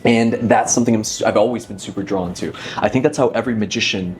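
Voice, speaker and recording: A man's voice: fairly low pitch, quick pace, darkish tone, a little hiss or hum. A man in his thirties, a magician, talking reflectively as an interview guest, with frequent restarts. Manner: thoughtful, many restarts, leans on 'inevitably'. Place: dinner table.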